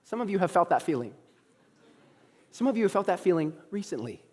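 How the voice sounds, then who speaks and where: A young man preaches in a church sanctuary, his voice sitting a little higher than most men's. He tells his story with playful asides and acts out the voices of friends, and the sound carries a long, lingering reverb from the hall. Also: very animated, fairly quick, a little mellow. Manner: storytelling, acts out quoted dialogue, humorous asides. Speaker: young adults pastor. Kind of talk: sermon.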